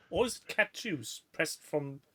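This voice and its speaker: A man's voice: fairly high pitch, animated, bright, forceful tone, breathy edge, dry recording. A man co-hosting a podcast in casual chat, playful and teasing. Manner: playful, teasing, quick to laugh. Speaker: podcast co-host.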